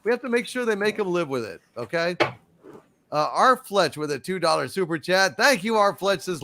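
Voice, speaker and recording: A man's voice: high voice, moderate pace, a little hiss or hum. Profane, ranting man hosting a live stream. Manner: profane, animated ranting with stammered restarts. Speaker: livestream show host reading super chats.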